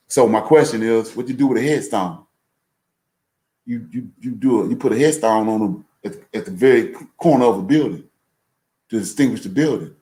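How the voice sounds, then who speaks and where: A man reading scripture aloud slowly and then explaining it as a Bible teacher, repeating points for emphasis. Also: on the low side, warm tone. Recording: echoey room.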